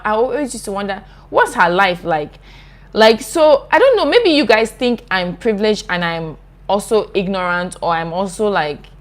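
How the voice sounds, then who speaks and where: A young woman talks straight to her viewers. She reads their comments aloud, then answers with earnest, impassioned conviction, her speech full of casual "like"s. Her voice sits at a middle pitch. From Nigeria. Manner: earnest, impassioned, chatty with frequent "like". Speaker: YouTuber host. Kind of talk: live video reading viewer comments.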